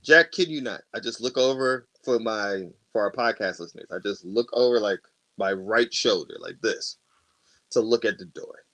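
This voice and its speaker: A man's voice: lowish voice, normal speed, a bit bright. A man co-hosting a podcast, telling a story in casual chat with lots of profanity and laughter. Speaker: podcast co-host.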